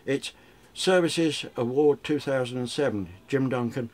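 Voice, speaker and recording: A man's voice: medium pitch, a little slow. An older man, a radio DJ chatting through memories in an interview, rambling with frequent restarts. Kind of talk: reminiscing interview.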